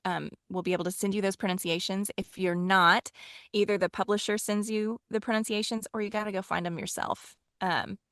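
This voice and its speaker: Woman, Texan accent, audiobook narrator, casual interview, middle pitch, dry close sound. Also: no echo. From Texas. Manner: chatty and animated, with frequent ums.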